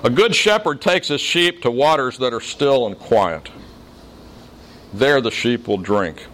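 A man's voice: mid-range voice, animated, a little slow, a bit bright, slight background noise. Middle-aged male pastor with dry, folksy humor. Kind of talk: sermon.

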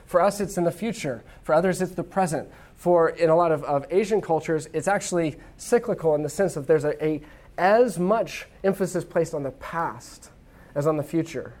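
An American lecturer gives a casual classroom talk, chatting freely with quick asides and check-ins like "okay?". Their voice sits in the mid range and has a slightly mellow quality.

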